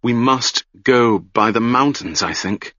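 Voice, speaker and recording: A man voicing a gentle, loyal young man who speaks softly and steadily, in a dull lo-fi audiobook recording. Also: medium pitch, takes it slowly, dry recording.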